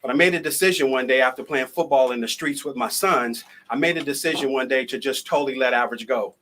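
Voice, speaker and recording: A fast-talking motivational speaker, a man with a medium-pitched voice, tells a personal story live over video call in a lively, conversational style.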